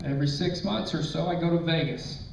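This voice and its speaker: A middle-aged man doing a stand-up comedy set, telling crude stories deadpan and hitting punchlines loudly. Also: fairly high pitch, fairly quick, creaky. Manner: crude, deadpan storytelling with sudden loud punchlines. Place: comedy club stage. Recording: roomy, distant, dull club recording with faint noise. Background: audience laughter.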